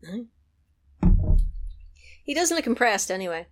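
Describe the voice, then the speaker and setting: A woman's voice: on the high side, sing-song, unhurried, a bit bright. A woman in a casual podcast chat, retelling a film scene and acting out the lines with little voices and laughs. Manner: chatty, acts out quotes in small voices, laughs often.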